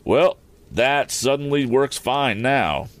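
A man doing a folksy older laborer with a slow, drawling way of talking. The voice is pitched above a deep reading voice and swings up and down. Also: very animated. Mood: pleased.

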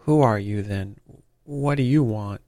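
A man's voice: on the low side, unhurried, gravelly, a little mellow, no room sound, studio quality. A man voicing a frightened little rat-faced man who whines and pleads in a quavering voice.

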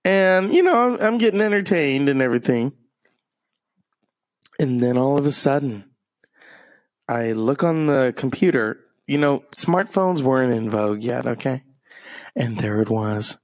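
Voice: medium pitch, measured pace, pauses often, darkish tone, no room sound. A streamer rambling through a profane, meandering story in a casual monologue.

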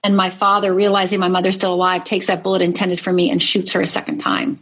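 A woman's voice: fairly low pitch, flat delivery, fast, a bit bright, slightly rough. A middle-aged woman from Upper Michigan, a life coach, telling a personal story in an interview, earnestly checking in with "right?". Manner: earnest, frequent "right?" tags.

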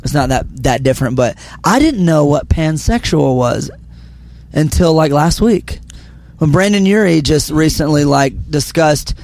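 Young male musician guest, hushed and a bit raspy after a show, casual and rambling. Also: fairly high pitch, animated, measured pace. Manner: speaking quietly, filler-heavy. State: slightly raspy from performing. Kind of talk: casual interview chat. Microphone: handheld mic held close.

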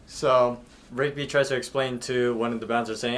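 Young guy on a podcast recapping an episode, steady and plain. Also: mid-range voice, normal speed. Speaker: podcast co-host. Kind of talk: casual chat.

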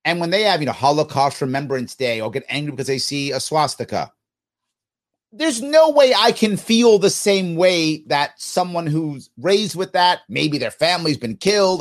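A man hosting a podcast, giving emphatic, opinionated commentary on listener comments with sarcastic asides. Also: fairly high pitch.

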